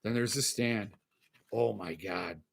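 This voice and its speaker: A man's voice: on the low side, slow, creaky, a little hiss or hum. A middle-aged man hosting a casual solo podcast, reading out chat comments and ranting in exasperation. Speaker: podcast host.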